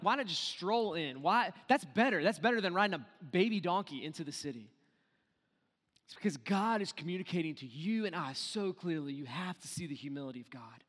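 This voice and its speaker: A male pastor preaching a sermon in a lively, animated way, acting out quoted voices and swinging from loud to hushed. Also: high-pitched, in a large hall.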